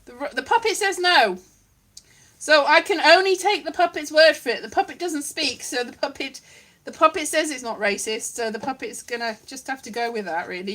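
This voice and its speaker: A woman's voice: on the high side, fairly bright tone. A woman at home giving a rambling, giggly comic monologue with puppets, often mocking herself. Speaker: comedian doing a solo online show.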